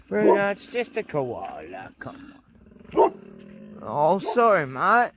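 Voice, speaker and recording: A man's voice: high-pitched, wildly swooping pitch, slow, pauses often, very noisy. An Australian man filming wildlife outdoors, chatting and coaxing the animals in a casual way. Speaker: wildlife vlogger. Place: outdoors in bushland.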